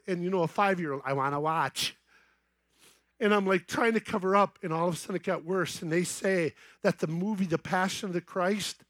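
A middle-aged man preaches in a high, bright-pitched voice, telling a personal story that rises to excited shouting. The sound is dry and close, with no room around it. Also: dry recording. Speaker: festival speaker. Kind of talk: evangelistic youth sermon. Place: large outdoor festival main stage.

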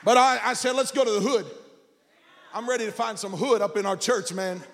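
A man pastor preaching a sermon, building from casual storytelling into shouted and sung phrases. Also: high-pitched, fairly quick, big-room sound, some chatter behind. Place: church sanctuary.

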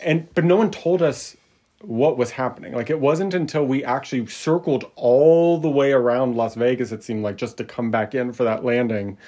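An interviewer in a casual conversation, relaxed, reacting briefly and sharing a similar story. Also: mid-range voice, normal speed.

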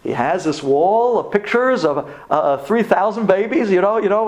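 A man's voice: high voice, normal speed, few pauses. A man telling a personal story to an audience, impassioned, with stammering restarts and religious Hebrew and Yiddish terms. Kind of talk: emotional personal storytelling talk. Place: before a live audience.

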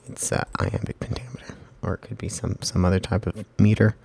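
Deep gravelly man, rambling writing talk. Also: brisk, hardly any pauses, darkish tone, no echo. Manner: rambling, self-correcting, with many fillers. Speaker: amateur fiction writer. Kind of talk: casual spoken writing lesson.

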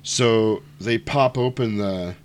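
A man casually retelling a movie's plot, jumping into quick acted-out quotes of the characters. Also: on the low side, smooth. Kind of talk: casual movie recap chat.

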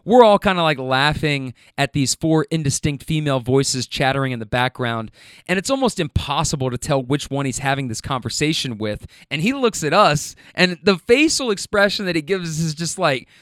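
A man spins a long, animated story about passengers from his rideshare job, laughing often and slipping into their voices as he quotes them. His voice is a touch higher than most men's and comes through smooth and clear. The sound is dry and close, with no room around it. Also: normal speed, no echo. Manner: animated, laughs often, acts out other people's lines. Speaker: podcast host telling a rideshare story. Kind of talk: casual storytelling monologue.

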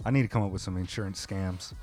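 Chill forties guy hosting a podcast, slangy, tosses out quick questions, light music faint behind. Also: low voice, fairly even intonation, darkish tone. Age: 40s. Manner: easygoing, asks quick questions, slangy ("word"). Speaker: podcast host. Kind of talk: casual podcast chat.

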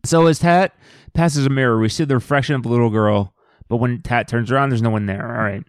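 Podcast co-host, man, mid-pitched, dry close sound, wry plot recaps. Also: fast, no echo. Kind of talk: casual movie-review chat.

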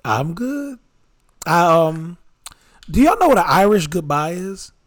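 Podcast co-host, a man with a slightly raised pitch, loose and chatty. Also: big pitch swings, measured pace. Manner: loose, laughing storyteller with slang. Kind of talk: casual chat, storytelling.

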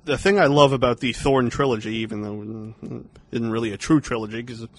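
A man's voice: mid-range voice, steady tone, fairly quick. Sardonic man joking through a commentary. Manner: sardonic, crude jokes. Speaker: film commentary co-host. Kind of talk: casual movie commentary.

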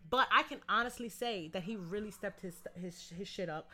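A woman co-hosting a casual chat, telling a story with slangy, profane talk. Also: normal speed. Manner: animated storyteller, quotes others in lowered voice. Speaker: podcast co-host.

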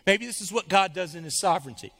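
A man preaching a sermon, swinging from hushed, soft passages to loud, urgent pleading. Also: high voice, animated, fast talker, creaky, big-room sound. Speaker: pastor. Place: church sanctuary.

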